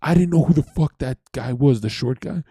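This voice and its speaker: A young man from Canada telling a story in casual chat, animated and profane, acting out what others said. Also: mid-range voice, brisk, slightly rough, no room sound. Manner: animated, profane, acts out quoted voices. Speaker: streamer host.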